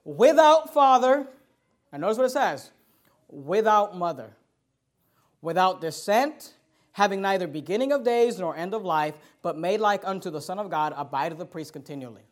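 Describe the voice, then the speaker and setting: A man's voice: high-pitched, expressive, quick pace, few pauses. A man preaching a sermon as a pastor, in an emphatic, conversational way with frequent restarts.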